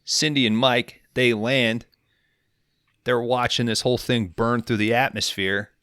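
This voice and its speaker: A young man co-hosting a podcast, recapping a film in casual, profane, rambling talk and slipping into quick character voices. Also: medium pitch, steady tone, sharp tone, clear, resonant tone, no room sound, clean studio sound. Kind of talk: casual comedic movie recap.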